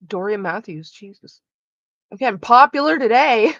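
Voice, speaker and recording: A woman's voice: a little high, lively intonation, moderate pace, fairly bright tone, no room sound, lo-fi sound. A woman streaming from home, chatting casually while gaming, blunt and sarcastic with lots of swearing, coughing now and then from smoking. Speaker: live streamer.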